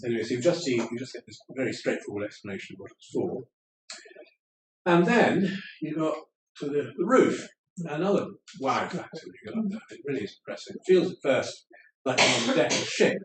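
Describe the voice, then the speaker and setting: A man giving a public lecture with slides, measured and digressive, with wry asides. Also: medium pitch, sing-song, noisy background. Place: lecture room in an old house. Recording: roomy room, speaker far from the mic, faint ambience.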